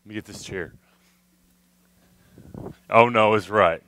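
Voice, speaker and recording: A former youth minister with a fairly low voice tells a humorous camp story slowly to young people at a live youth camp worship service. He's animated and ends his sentences with "okay? all right?"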